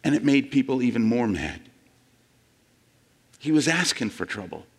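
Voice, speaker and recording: Lively preaching man in a reverberant hall. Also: medium pitch, normal speed, slightly rough. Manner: animated storytelling, acting out quoted voices. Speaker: pastor. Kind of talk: sermon.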